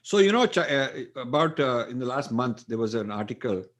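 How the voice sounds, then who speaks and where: A man's voice: mid-range voice, sing-song, moderate pace. An older man with an Indian English accent, an author answering interview questions emphatically, often repeating phrases and using fillers. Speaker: author and guest.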